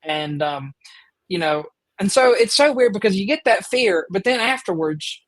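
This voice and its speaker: A man with a drawl tells a story on his podcast, his voice pitched a bit above the usual male range. He rambles eagerly and leans on fillers. The sound is dry and close, with no room around it. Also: lively intonation, moderate pace, a bit bright, no room sound, rough recording. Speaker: podcast host. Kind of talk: casual storytelling chat.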